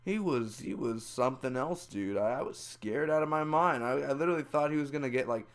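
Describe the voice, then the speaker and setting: A young man giving a casual, loud and excitable spoiler review, full of slang, who acts out the scenes with high squeals and screams. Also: a little fast. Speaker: movie reviewer.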